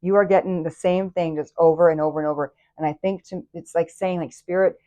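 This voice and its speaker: Female tarot host, low-ish voice, chatty and easily excited, rambling delivery. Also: brisk. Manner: excitable, enthusiastic, chatty with many fillers and restarts. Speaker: tarot reader and channel host. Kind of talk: casual tarot reading to camera.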